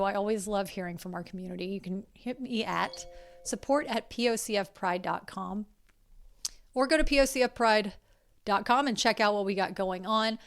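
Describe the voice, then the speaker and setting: A woman hosting a podcast, talking in a casual, heartfelt and emotional way, with the odd curse word. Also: mid-range voice. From South Carolina. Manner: earnest and emotional, swears casually. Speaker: podcast host.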